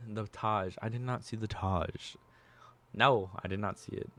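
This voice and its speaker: A man's voice: fairly low pitch, fairly even intonation, a little slow, a bit bright. A male streamer chatting casually with his viewers, rambling through restarts and fillers.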